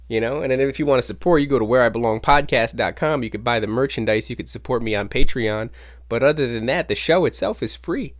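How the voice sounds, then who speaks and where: A man hosting his own podcast, telling a casual story in an animated way and swearing freely. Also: medium pitch, fast. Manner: animated, acts out quoted voices, swears casually. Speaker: podcast host. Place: home podcast studio.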